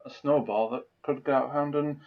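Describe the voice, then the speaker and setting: A man's voice: mid-range voice, steady tone, moderate pace, narrow, tinny audio. A man speaking as a podcast guest in casual film chat, rambling and enthusiastic, often saying you know.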